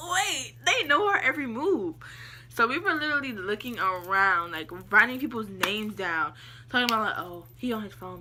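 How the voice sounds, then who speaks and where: Young woman vlogger, bright crisp voice, slangy and animated, laughs a lot telling her story. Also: medium pitch, slight background noise. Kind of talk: casual storytime.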